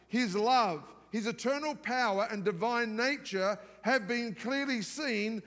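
A male pastor preaching a live church sermon in a lively, conversational way, with humorous asides. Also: very high-pitched. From outside the United States. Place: large church auditorium. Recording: long reverb of a large church hall.

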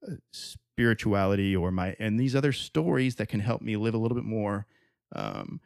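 A man's voice: lowish voice, very animated, moderate pace, gravelly, dry recording, clean studio sound. A man guest on a podcast, talking earnestly about faith, restarting his sentences as he searches for words. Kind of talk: casual faith conversation.

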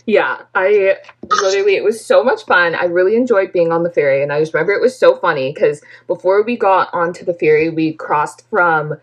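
A woman's voice: fairly low pitch, a little fast, highs cut off. A young woman from Canada chatting casually, filling her talk with "like" and laughing often. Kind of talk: casual chat.

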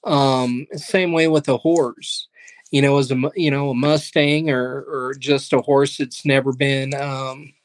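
A man's voice: medium pitch, steady tone, unhurried, dry recording. Earnest man talking faith, dry sound. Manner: earnest, faith-driven storytelling. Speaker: pastor and ministry leader, guest. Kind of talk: casual interview conversation.

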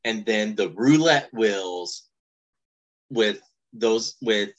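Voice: mid-range voice, extremely slow, dull audio. A co-host on a casual chat show, playful and telling stories at length. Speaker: podcast co-host. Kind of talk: casual chat about a cartoon.

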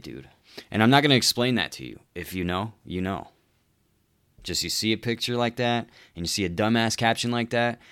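Deep-voiced man on a profane rant. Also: fairly bright tone. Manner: profane, rambling, says "dude" constantly. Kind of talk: casual comedic rant.

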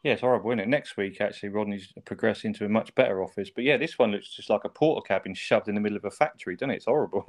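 A man's voice: lowish voice, rapid-fire, hardly any pauses. A man, chatting casually as a podcast co-host, swearing and laughing often. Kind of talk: casual chat.

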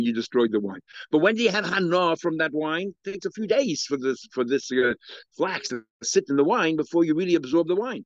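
A man's voice: fairly high pitch, dry recording, lo-fi sound. A man with a Yeshivish English accent giving a daily Talmud lecture, thinking aloud with many fillers and restarts. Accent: Yeshivish English, Hebrew and Aramaic terms mixed in. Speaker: Talmud teacher.

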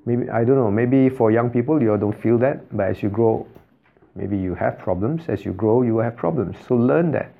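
A male pastor preaches a sermon in a mid-range, gravelly voice at a normal speed, captured in narrow, tinny audio. He keeps posing rhetorical questions to his congregation and repeats phrases for emphasis.

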